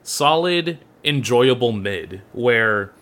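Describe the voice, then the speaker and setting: A man co-hosting a podcast, telling stories in a playful, animated way. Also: medium pitch, takes it slowly. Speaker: podcast co-host, anime reviewer. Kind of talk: casual podcast chat.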